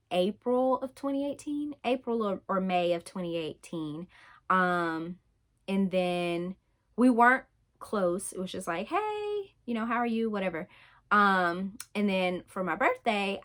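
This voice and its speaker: A young adult woman speaks candidly in a personal vlog, telling her own story conversationally and using lots of fillers. Her voice is mid-range with a fairly bright tone.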